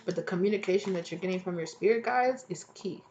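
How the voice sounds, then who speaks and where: A woman's voice: medium pitch, fast, highs cut off, a little hiss or hum. Chatty woman reading tarot, swearing freely. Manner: chatty, animated, swears freely, laughs at herself. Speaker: tarot reader. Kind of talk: casual collective tarot reading.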